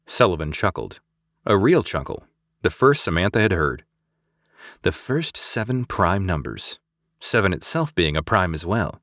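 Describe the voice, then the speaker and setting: A low-voiced man narrating an audiobook with an expressive, lively melody. The sound is close and dry, with no room echo. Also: normal speed. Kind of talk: scripted narration.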